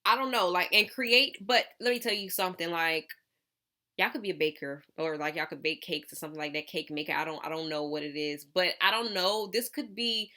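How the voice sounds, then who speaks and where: Bright-voiced woman rambling through a tarot reading. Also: on the low side, fairly quick. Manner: rambling, filler-heavy, calls viewers honey. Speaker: tarot reader. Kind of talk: casual channeled tarot reading.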